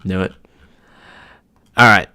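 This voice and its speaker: A man's voice: takes it slowly, bright, forceful tone, no room sound, studio quality. A young American man chatting casually on a live stream, reading out chat messages as he plays. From United States.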